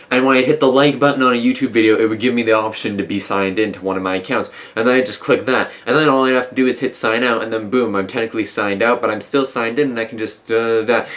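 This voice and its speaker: A man's voice: medium pitch, a bit bright. A man chatting casually at home as he reviews an old TV story, rambling and full of restarts. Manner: swaps swear words for mild substitutes. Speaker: classic TV reviewer. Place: at home, indoors.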